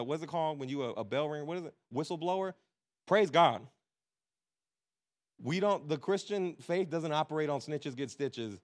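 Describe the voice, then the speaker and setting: A man's voice: on the high side, a bit bright. A man preaching a sermon as pastor, telling family stories in a casual, conversational way with slang and some laughter. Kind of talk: sermon with storytelling.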